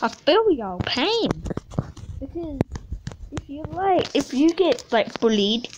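A woman's voice: sits high, sing-song, takes it slowly, heavy background noise. A teenage girl who makes animations, chatting casually and rambling while she draws, swearing a lot and losing her train of thought. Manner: profane, rambling, easily sidetracked. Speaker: animation channel creator.

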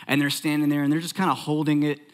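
A man preaching a sermon in a church, conversational and animated, joking and acting out little asides. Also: fairly high pitch, fast. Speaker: pastor.

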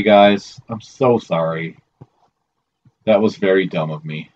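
A man's voice: lowish voice, unhurried, lo-fi sound. A man giving casual let's play commentary, swearing, scolding himself and talking to the characters on screen. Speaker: gameplay commentator.

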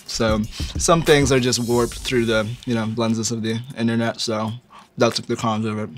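A man's voice: medium pitch, level tone, moderate pace. A young man from Indonesia, a rapper guest in a casual interview, talking in a laid-back, slangy way and laughing often. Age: young adult.

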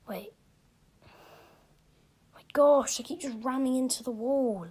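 A woman's voice: fairly high pitch, moderate pace, vocal fry, long pauses, a little mellow, slightly rough. A woman giving casual gameplay commentary, frustrated, often dropping to a whisper. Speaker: gaming video creator.

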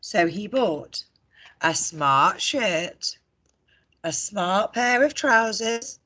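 A woman teacher reading a picture book aloud to children, expressive and asking them questions. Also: medium pitch, extremely slow. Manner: expressive, asks the listeners questions. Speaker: primary school teacher. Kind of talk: storybook read-aloud for children.

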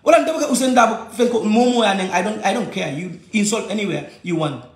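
A high-voiced man with a Gambian accent delivers an agitated personal rant, circling back to the same complaints. His voice bounces around an echoey room. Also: fast. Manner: agitated, switching languages, repeating points.

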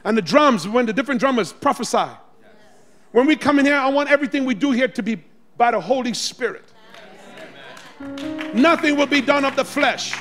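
A man preaching a sermon in a church, exhorting the congregation and swinging between loud shouts and quiet asides. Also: very high voice, animated, brisk, faint music behind. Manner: exhorting, calls on the congregation to respond. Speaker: pastor. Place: church sanctuary.

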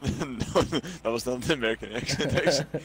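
A man's voice: mid-range voice, normal speed. A man from the Netherlands with a Dutch accent, chatting playfully and laughing easily during a game. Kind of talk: casual gaming chat.

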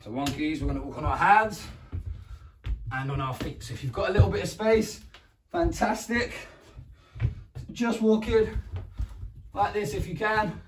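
A man with an English accent leading a home PE lesson for young children, encouraging them, counting down and often praising them. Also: a little hiss or hum. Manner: makes animal noises, roars and squeaks. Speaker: primary school PE teacher. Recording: echoey room, mic far away.

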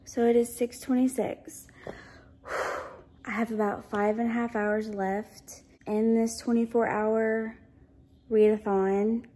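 A woman's voice: fairly high pitch, little pitch movement, takes it slowly, long pauses, dark tone. A tired young woman chatting casually to her vlog camera at home, sleepy and self-deprecating. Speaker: vlogger.

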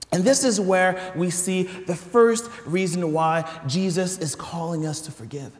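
A man preaching a sermon in a large church hall, animated and conversational, with stumbling restarts and asides to the congregation. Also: high-pitched, a little slow, hardly any pauses. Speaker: pastor.

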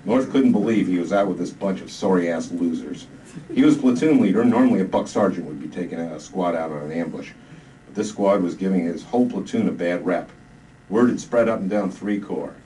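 A man reading his own comic book aloud to a live audience with dry, deadpan delivery. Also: sits low. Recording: distant mic, noisy live room.

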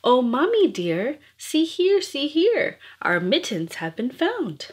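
A woman voicing a group of little kittens in a storybook rhyme, in a high sing-song way. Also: wildly swooping pitch, takes it slowly, heavily acted. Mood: eager. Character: little kittens, young, fretful then eager.

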